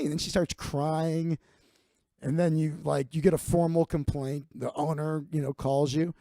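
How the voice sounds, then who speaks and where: Male comedian, livestream monologue, gravelly and crude, rambling asides. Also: on the high side, level tone, a little slow, warm tone, no room sound, studio quality. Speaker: comedian host.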